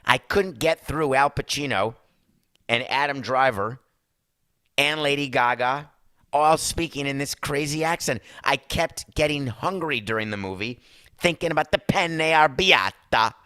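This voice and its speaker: A male podcast host with a bright, forceful voice talks in a sarcastic, rambling way and throws asides to his producer. The sound is dry and close, with no room echo. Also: medium pitch, moderate pace. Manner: mock Italian accent in one brief bit. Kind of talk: opinionated sports and culture talk.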